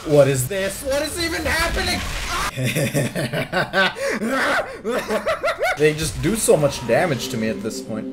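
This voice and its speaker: A man doing excitable gameplay commentary as host of a gaming video. He swears, yelps and shouts at the enemies he fights. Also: fairly high pitch, heavy background noise.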